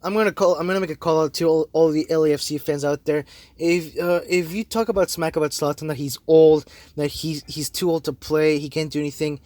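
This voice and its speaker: A man's voice: on the high side, fairly even intonation, brisk, darkish tone, dry recording. A young man co-hosting a casual soccer podcast, brash and trash-talking as he recaps the match. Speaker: co-host.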